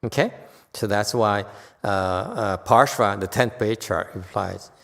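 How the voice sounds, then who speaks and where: A man's voice: on the low side, unhurried, creaky, fairly bright tone. A man teaching a Buddhist dharma lecture in a chatty, joking way that keeps checking in with the audience. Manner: chatty, often checks in with "okay?"; joking asides. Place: temple lecture hall. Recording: long reverb in a hall.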